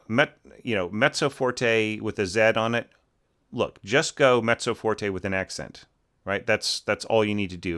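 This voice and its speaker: Male orchestration teacher, lower voice, loose and chatty, sings the lines. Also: fairly bright tone. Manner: rambling, many fillers, sings phrases as bum bum. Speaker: orchestration teacher reviewing scores. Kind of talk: casual spoken critique.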